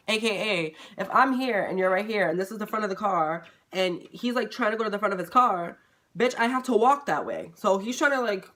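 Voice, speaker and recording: Brief: male vlogger, bright sharp tone, animated and profane storyteller. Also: sits high. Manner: animated, profane, dramatic retelling. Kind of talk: casual storytime.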